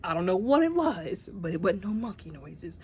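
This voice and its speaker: A woman casually reviewing a movie, retelling scenes with lively, acted-out character lines. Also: lowish voice, normal speed, slight background noise.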